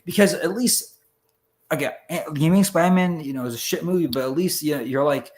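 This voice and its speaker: A brisk man with a voice on the high side guests on a casual podcast, talking in a loose, rambling way. Expect profanity, plenty of energy, and acted-out character voices.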